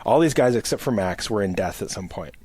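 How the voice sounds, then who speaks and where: A man's voice: fairly low pitch, animated, a little fast, darkish tone, husky, no echo. A man hosting a podcast, talking in a loose, rambling way full of "like" fillers. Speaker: podcast host. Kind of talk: casual chat.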